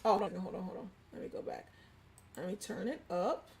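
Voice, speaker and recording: A woman's voice: mid-range voice, expressive, a little fast, vocal fry, a little mellow. A young adult woman hosting a livestream, reading news quotes aloud in a chatty way with many ums and asides. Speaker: livestream host.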